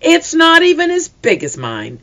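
A reader voicing an excited, defiant little farm girl in an audiobook, with a high piping voice. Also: a little slow, heavily acted. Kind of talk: audiobook character voice.

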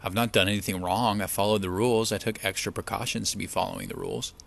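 A man vlogging while he eats, telling a story to camera in a chatty, relaxed way and acting out the people he quotes. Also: on the low side, quick pace, gravelly.

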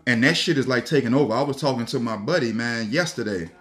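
Guy ranting and cracking up over a story, swears a lot, rambles, mid-pitch voice, bit of music under him. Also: quick pace, a bit bright. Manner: profane, laughing, rambling, repeats himself. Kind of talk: casual storytelling rant.

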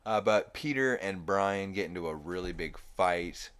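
A young adult man recapping a cartoon episode on his podcast with a very low voice. He rambles casually, laughing at the jokes and filling pauses with ums and uhs. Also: animated, a bit bright, smooth. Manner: rambling, filler-heavy, amused. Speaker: podcast host.

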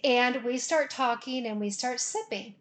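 A woman telling a funny personal story in a casual, animated way, laughing and often checking in with "okay?". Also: fairly high pitch, a little slow.

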